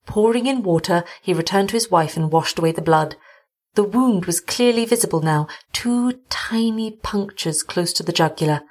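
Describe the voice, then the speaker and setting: A woman reading a gothic short story aloud as host of a story show. Her delivery is measured and deliberate, with a husky, breathy edge. Her voice sits fairly low for a woman. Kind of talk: scripted story narration.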